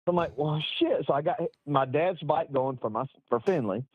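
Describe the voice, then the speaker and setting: A man's voice: fairly high pitch, lively intonation, brisk, dry recording. A middle-aged man telling a long racing story, rambling, salty and self-mocking, often laughing at himself. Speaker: guest telling racing stories. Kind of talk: casual storytelling. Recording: dry, thin phone-like line.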